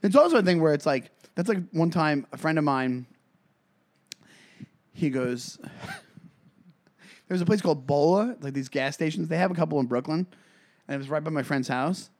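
A man's voice: fairly high pitch, animated, moderate pace, long pauses. A man co-hosting a casual comedy podcast, telling rambling stories with lots of restarts and self-corrections. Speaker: podcast co-host.

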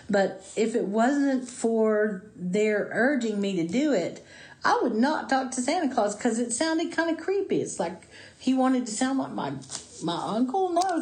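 Woman, middle-aged, bit high voice, lively storytelling on a podcast, echoey. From Appalachian United States. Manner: animated storyteller, slows for emphasis. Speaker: podcast co-host. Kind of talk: casual chat. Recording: roomy echo.

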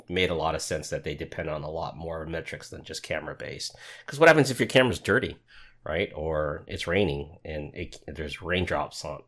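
A man's voice: deep voice, fairly bright tone. A man co-hosting a podcast in casual chat, thinking aloud and often restarting his sentences. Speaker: podcast co-host.

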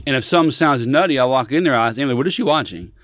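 A man's voice: mid-range voice, rapid-fire, fairly bright tone, dry recording, studio quality. A man in his thirties chatting casually as a podcast co-host, telling stories animatedly and acting out quotes in shifting voices. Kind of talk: casual chat.

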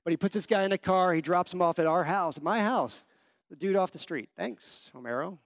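A man's voice: sits high, brisk, no echo, clean studio sound. A young adult man preaching a sermon, telling personal stories and asking the congregation questions. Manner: conversational storytelling, asks the congregation questions. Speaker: pastor.

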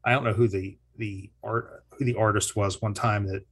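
A man with a fairly low, husky voice tells local history and folklore in a loose, conversational way. He wanders, backtracks and corrects himself mid-sentence, and chuckles between points. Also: steady tone, moderate pace. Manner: rambling, self-correcting, chuckles often. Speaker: historian and teacher. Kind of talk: casual interview storytelling.

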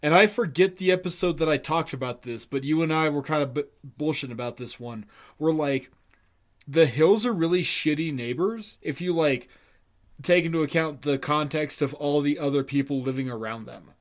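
A man's voice: fairly high pitch, moderate pace. A man co-hosting a podcast, joking around and swearing emphatically. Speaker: podcast co-host. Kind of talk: casual podcast chat.

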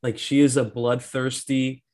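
A man co-hosting a casual movie discussion podcast, animated and laughing often as he acts out scenes. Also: mid-range voice, a little slow. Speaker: podcast co-host.

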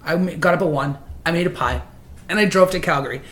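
A woman from Canada chatting casually on a podcast, telling animated, swear-filled stories about baking. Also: on the low side, fast talker. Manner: profane, animated storyteller. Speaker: guest baker. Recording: echoey room.

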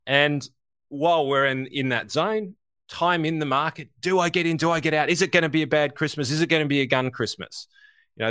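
A man's voice: mid-range voice, dry recording. Aussie guy ranting about markets, swears a lot, talks right to you, dry sound. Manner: animated, swears casually, addresses listeners directly. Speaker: co-host. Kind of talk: casual market commentary.

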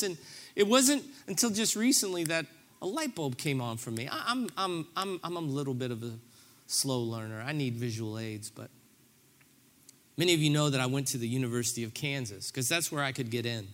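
A man's voice: on the high side, lively intonation, normal speed, long pauses, fairly bright tone. A middle-aged man preaching a sermon, telling a story with self-deprecating humor and acting out his own reactions. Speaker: pastor.

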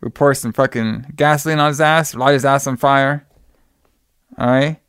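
Loose, profane male host recapping a movie, smooth voice, dry close sound. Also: mid-range voice, steady tone, normal speed, fairly bright tone, dry recording. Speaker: podcast host.

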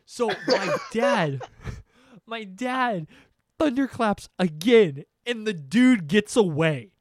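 A young man telling a comedic story on a podcast, animated and profane, acting out sounds and quotes. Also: high-pitched, slow pace, dry recording, clean studio sound.

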